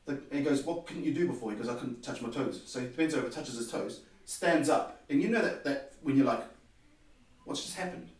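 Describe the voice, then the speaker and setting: A man, a podcast guest, telling a personal story in an animated way and acting out the dialogue. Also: medium pitch, a little fast. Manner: animated, acts out quoted dialogue. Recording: very echoey room, distant mic.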